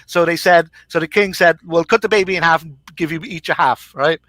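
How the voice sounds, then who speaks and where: A man's voice: a little high, fairly even intonation, a little fast, fairly bright tone, no room sound. A man teasing and mocking others in a casual live-stream panel chat. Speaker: panel guest.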